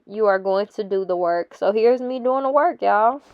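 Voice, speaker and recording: A woman's voice: mid-range voice, normal speed, smooth, no room sound, lo-fi sound. A young woman narrating her gym workout vlog, chatty and encouraging, laughing often and calling her viewers honey. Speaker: fitness vlogger. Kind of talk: casual workout vlog voice-over.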